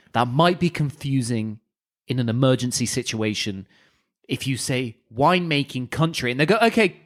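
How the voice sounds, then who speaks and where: A young man co-hosting an improvised comedy podcast, rambling and swearing as he tells a story. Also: medium pitch. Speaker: podcast co-host.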